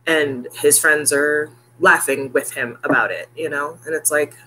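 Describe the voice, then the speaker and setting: A woman's voice: low voice, fairly even intonation, a little slow, pushed and bright, slightly rough. A woman in her thirties talking casually and heartfelt to her viewers, laughing often. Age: 30s. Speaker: vlogger. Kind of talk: casual chat to camera.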